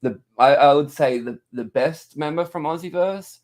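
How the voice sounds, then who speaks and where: A man's voice: fairly high pitch, normal speed, darkish tone. A man co-hosting a comics livestream, joking, teasing and swearing freely. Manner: laughing, profane, teasing. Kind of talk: crude joking livestream banter.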